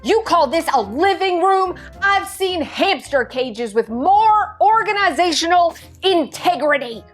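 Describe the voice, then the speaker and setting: A bossy Southern drill sergeant colonel, as a woman puts her on, bellowing orders at recruits in a pitched-up, commanding voice. She swings her lines high and low, loud and forceful throughout. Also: lively intonation, a little slow, soft background music. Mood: barking.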